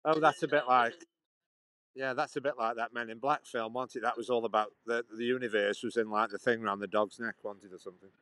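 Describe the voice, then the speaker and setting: A man's voice: mid-range voice, fairly even intonation, fast, a bit bright, no echo, rough recording. A man rambling on a live stream outdoors, chatting back to his viewers. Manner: chatty, meandering, answers chat questions. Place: outdoors in a sunny town.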